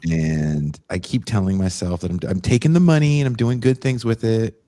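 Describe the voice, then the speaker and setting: A man's voice: on the low side, moderate pace, mellow, no room sound. A man co-hosting a podcast in a casual, joking chat. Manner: jokey, slips into put-on voices. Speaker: podcast co-host.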